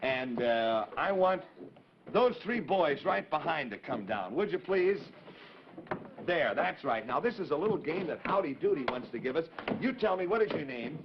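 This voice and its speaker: A man's voice: on the high side, sing-song, normal speed, background noise. Friendly guy running an old kids tv show, chatting with the children, muffled vintage sound. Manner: genial, fussy, talks to kids in audience. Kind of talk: live children's TV hosting. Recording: dull 1950s TV broadcast audio.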